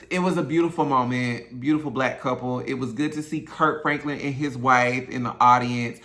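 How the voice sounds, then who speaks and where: A YouTube host and singer recaps an awards show on his own channel, casual and opinionated, speaking straight to his viewers. His mid-range voice is fairly bright, at normal speed with hardly any pauses.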